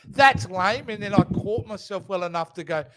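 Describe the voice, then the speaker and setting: High-voiced guy cohosting a podcast, bright tone, wry and laughy. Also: lively intonation, no room sound. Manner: chatty, quick to laugh, wry. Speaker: podcast co-host. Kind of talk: casual chat.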